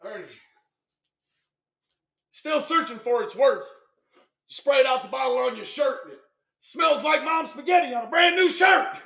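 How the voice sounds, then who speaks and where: A man delivering a mocking roast, shouting his punchlines and cackling between jokes. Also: very high voice, moderate pace, creaky. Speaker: roast commentator. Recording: echoey room, far from mic.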